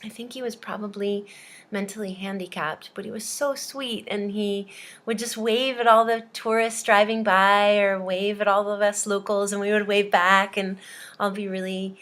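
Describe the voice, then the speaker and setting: A woman's voice: medium pitch, fairly even intonation, normal speed, fairly bright tone. Woman teacher from hawaii, chatty storytelling, lots of um and uh. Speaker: language teacher. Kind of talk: storytelling to students.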